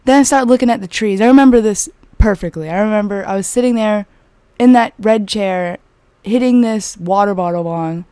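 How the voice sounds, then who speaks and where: A young woman vlogger casually telling a personal story, chatty and animated, full of "like" fillers. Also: medium pitch, normal speed, clean tone, no echo.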